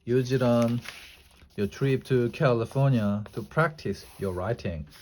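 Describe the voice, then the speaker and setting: A man voicing a calm, gentle frontier schoolteacher woman in a storybook reading. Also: medium pitch, measured pace, slight background noise, close to an everyday voice. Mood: kind. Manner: gentle, soothing.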